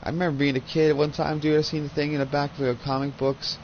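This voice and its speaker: A man's voice: fairly high pitch, flat delivery, fast. Gamer guy in his thirties, swears constantly and rambles through stories, headset mic, slightly dull sound with faint background hum. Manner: profane, rambling storyteller. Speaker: gaming channel host. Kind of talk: casual chat while gaming.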